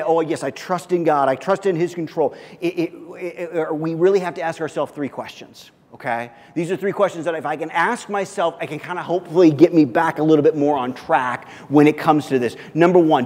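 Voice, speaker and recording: A pastor preaching a sermon, telling the story with animation and often repeating his words. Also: long reverb tail. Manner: animated storytelling, repeats words, pitch climbs when excited. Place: church sanctuary.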